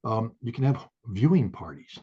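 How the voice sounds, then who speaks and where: Halting man on a dull line. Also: mid-range voice, big pitch swings, slightly rough. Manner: halting, many fillers, swells into fiery outbursts. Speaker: guest. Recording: dull lo-fi audio.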